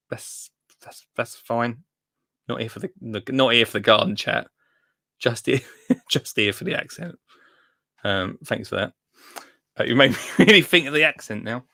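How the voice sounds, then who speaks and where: A man's voice: mid-range voice, moderate pace, gravelly, pauses often, bright, forceful tone, dry recording, studio quality. A young man with an Essex accent hosting a gardening phone-in live stream, chatty and self-deprecating, rambling with lots of fillers. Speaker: gardening livestream host. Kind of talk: casual live-stream chat. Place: home in Essex, reading comments live.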